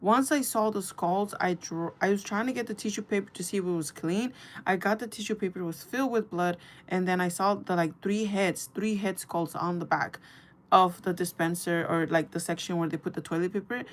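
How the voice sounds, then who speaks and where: A young woman talks straight to her livestream chat in a mid-range voice. She rambles through stories with plenty of fillers and restarts, keeping it animated and casual. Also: medium pitch, a little fast. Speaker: livestream host.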